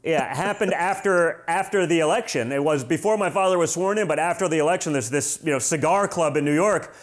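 Joking man hosting, high voice. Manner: joking, quick, sarcastic asides. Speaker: podcast host. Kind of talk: casual interview chat.

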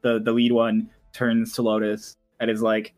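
A man's voice: on the low side, completely flat delivery, moderate pace, darkish tone, soft background music. A man running a tabletop game who narrates in a chatty way, laughing often and using many fillers. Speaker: game master.

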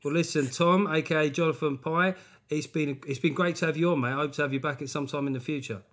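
A man's voice: on the high side, steady tone, fast talker, a bit bright. A tired man hosting a podcast, casual and chatty, swearing and mocking himself. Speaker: podcast host. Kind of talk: casual chat.

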